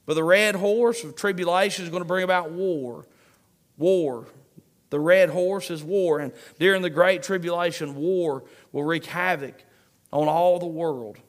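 A man preaching a sermon, emphatic and repeating key phrases to his congregation. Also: a little high.

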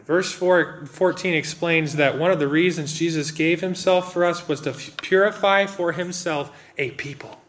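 A man, preaching a sermon in an earnest, conversational way with dramatic pauses. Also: a little high, fairly bright tone. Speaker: pastor.

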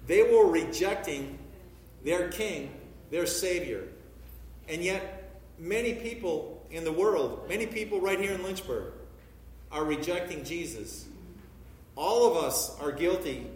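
A man preaching a sermon, reading scripture aloud with measured emphasis. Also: a little high, slight background noise. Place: church sanctuary. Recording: echoey church hall from far off.

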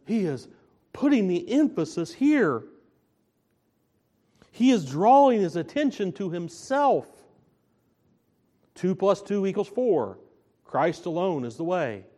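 Slow, emphatic male preacher. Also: high-pitched, big pitch swings, warm tone. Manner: slow, emphatic, repeats key phrases. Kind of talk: sermon.

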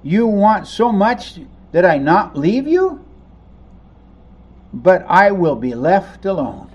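A man preaching a sermon, animated, acting out the voices of people in the story as he teaches. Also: high-pitched, slow, dull audio. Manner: animated, acts out voices of the crowd and disciples. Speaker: pastor.

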